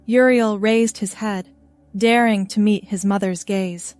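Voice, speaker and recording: Woman reading a story real slow, gentle measured narration, dry close sound. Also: medium pitch, fairly even intonation, no room sound, soft background music. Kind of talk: scripted narration.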